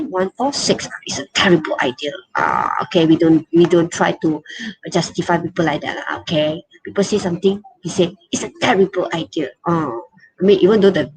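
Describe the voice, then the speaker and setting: A woman's voice: lowish voice, rough recording. A woman with a Malaysian English accent teaching an online English class, chatty and coaxing, and calling herself teacher.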